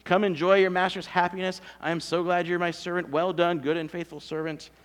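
A man voicing a generous, enthusiastic master of servants in a sermon, talking in effusive, excited praise. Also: sits high, brisk, lightly acted. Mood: delighted.

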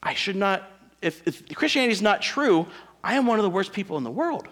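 A man's voice: sits high, very animated, fairly bright tone. Emphatic man preaching a sermon. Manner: emphatic preaching with dramatic pauses and shifts in volume. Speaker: pastor.

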